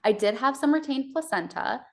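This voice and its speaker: A woman's voice: sits high, animated, normal speed, gravelly, darkish tone. A young woman from Texas, a podcast guest telling her birth story, with many hesitant fillers.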